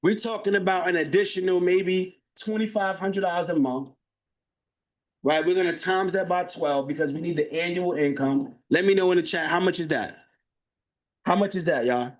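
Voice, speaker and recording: A man with a fairly high voice runs a live webinar sales pitch. He gets hyped as he goes, calls out to the people in the chat, and repeats his phrases to drive a point home. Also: normal speed. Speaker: webinar presenter.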